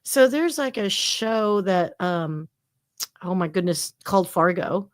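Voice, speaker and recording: A woman co-hosting a casual podcast, talking in a chatty, animated way with lots of fillers. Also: mid-range voice, slow, no echo, clean studio sound. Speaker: podcast co-host. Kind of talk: casual chat.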